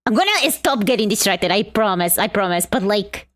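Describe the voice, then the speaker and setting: A woman's voice: medium pitch, animated, normal speed, no room sound, studio quality. A woman from Argentina streaming live while drawing, chatting in a bubbly way and greeting her chat.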